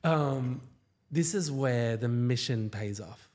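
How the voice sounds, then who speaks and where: A man, a company founder, telling stories as a guest in a casual podcast interview, with enthusiasm and quick asides. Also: medium pitch, a little mellow.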